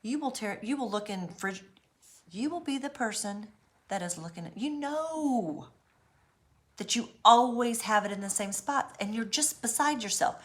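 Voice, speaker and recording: A woman talking casually to camera about recovery from abuse, in an animated storytelling way. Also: fairly high pitch, normal speed.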